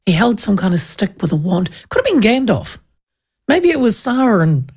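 A woman's voice: medium pitch, big pitch swings, normal speed, darkish tone, breathy edge. A middle-aged woman with a New Zealand accent, hosting a show and telling stories in a chatty way, laughing often. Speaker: radio host. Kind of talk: casual chat.

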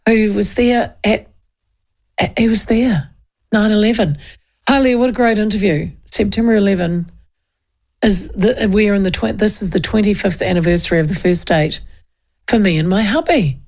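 This is a woman, hosting radio in a casual, rambling way. Her pitch moves all over the place, and a bit of gravel runs through her voice. She keeps cutting herself off mid-thought to start again. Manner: chatty, self-interrupting, animated storytelling. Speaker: radio host.

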